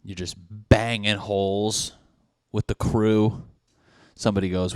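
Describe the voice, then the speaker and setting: A man in his thirties, fairly low-voiced, hosting a comedic solo podcast. He rambles through party scenarios and swears constantly. His voice sounds dry and close, with no room echo. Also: little pitch movement, measured pace, pauses often, smooth. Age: 30s. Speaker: podcast host. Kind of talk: casual comedic monologue.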